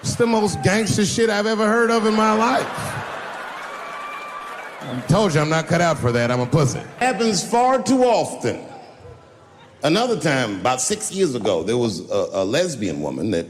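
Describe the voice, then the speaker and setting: A man doing a stand-up comedy routine, profane and animated, jumping between voices, in a live venue. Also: medium pitch, slight background noise. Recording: reverberant venue with faint ambience.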